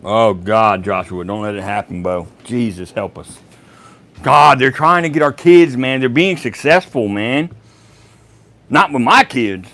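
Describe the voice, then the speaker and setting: A middle-aged man with a drawl hosts a casual livestream chat, taking his time with each phrase. His pitch swings widely as he talks, and he swears freely and breaks into loud laughter at his own jokes. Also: expressive, unhurried. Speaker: host of a live chat.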